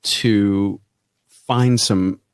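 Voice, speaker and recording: A man's voice: on the low side, steady tone, drawn-out words, smooth, dry recording. A man co-hosting a podcast, telling stories in a chatty way with frequent restarts. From Florida, USA. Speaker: podcast co-host. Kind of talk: casual chat.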